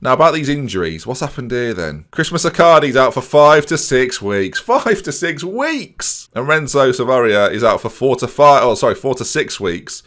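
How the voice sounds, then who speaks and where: Lad doing sarcastic let's-play commentary on a footy manager game, really animated up and down voice. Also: male voice, medium pitch, a little fast, hardly any pauses. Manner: excitable, sarcastic running commentary addressing viewers. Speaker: gaming YouTuber.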